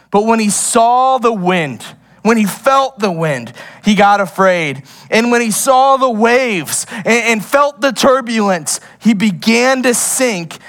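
Young male pastor, high voice, lively sermon full of laughs and asides. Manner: animated, laughs often, goes off on tangents.

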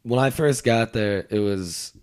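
A man's voice: lowish voice, measured pace, darkish tone, clear, resonant tone. A young man co-hosting a podcast in casual chat, talking in a loose and rambling way with a lot of swearing. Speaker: podcast co-host, stand-up comic.

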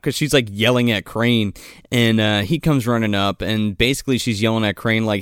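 A man co-hosting a casual movie discussion, excitable and profane, laughing often. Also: on the low side, a little fast, smooth, no room sound, studio quality. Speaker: podcast co-host.

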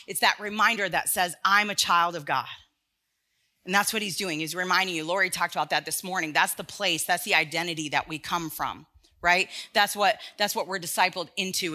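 A woman's voice: fairly low pitch, bright, forceful tone. A woman preaching an earnest, conversational sermon to a congregation, often restarting her phrases. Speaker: speaker in a church sermon series.

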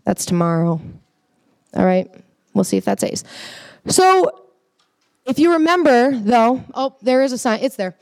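A woman tells a Bible story to a group of kids in a loose, chatty teaching style, constantly checking that they are following along. Her voice sits a little high. The sound is dry and close, with no room echo. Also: measured pace, pauses often. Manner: lively, casual, checks in with listeners often. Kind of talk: animated storytelling lesson for kids.

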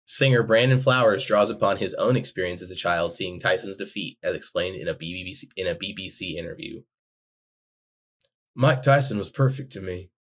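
A man's voice: deep voice, fairly quick, few pauses, a bit bright. A man co-hosting a podcast, chatting casually, reading descriptions aloud, and making dry teasing remarks. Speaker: podcast co-host.

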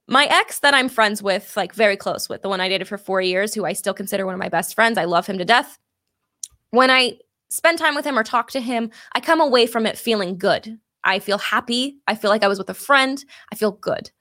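Bright, candid woman swearing in chat. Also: mid-range voice, a little fast. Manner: candid, swears freely, lots of "like". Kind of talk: casual chat.

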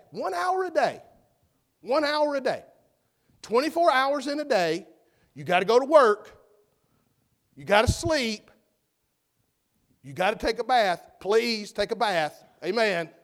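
A man preaching a sermon in a church, folksy and shifting between shouted passages and quiet asides. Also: high voice. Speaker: evangelist preacher.

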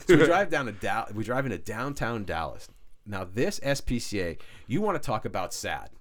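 A man hosting a podcast in casual chat, telling stories in a lively way and acting out the people in them. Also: fairly low pitch, normal speed. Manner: lively storyteller who acts out quoted voices. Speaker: podcast host.

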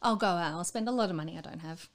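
Australian woman, casual podcast chat, frank and animated storyteller. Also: lowish voice, very fast. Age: adult with school-age children. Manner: candid, animated storytelling, acting out others' voices.

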